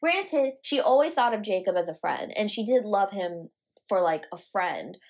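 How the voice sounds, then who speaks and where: A young woman co-hosting a podcast in casual chat, excitable and quick to laugh. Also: mid-range voice. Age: young adult. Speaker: podcast co-host.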